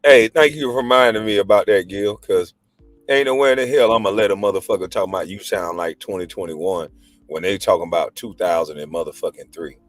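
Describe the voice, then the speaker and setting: A man's voice: deep voice, a little fast, no echo, faint music behind. A man in his forties, a livestream host and former pro basketball player, ranting in a heated, profane, mocking way. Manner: mocking, profane, combative, laughs scornfully. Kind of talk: heated casual rant.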